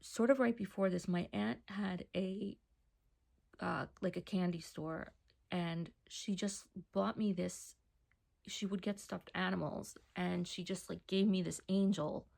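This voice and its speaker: A woman shares a personal testimony in a casual, hushed storytelling style, often sinking to a near whisper. Her voice is lowish, steady, and unhurried, with vocal fry.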